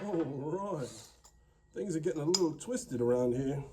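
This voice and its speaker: A man with a mixed English accent narrates casually in his workshop, muttering to himself as he builds something by hand. His voice sits on the high side, animated and at a moderate pace, over a very noisy recording.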